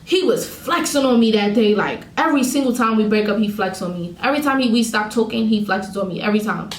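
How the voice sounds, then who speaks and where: A woman's voice: medium pitch, fast, a little hiss or hum. Venting woman vlogger in an echoey room. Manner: candid, venting, addresses viewers as y'all. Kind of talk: emotional storytime vlog.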